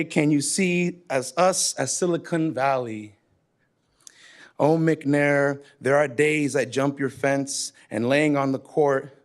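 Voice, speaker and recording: Man performing spoken word poetry. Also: on the high side. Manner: rhythmic, emphatic delivery with Spanish phrases. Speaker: poet.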